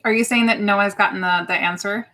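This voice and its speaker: A woman's voice: medium pitch, fairly even intonation, fast talker, sharp tone. A woman co-hosting a live watch party stream, chatting playfully and greeting viewers by name. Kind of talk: casual live-stream chat.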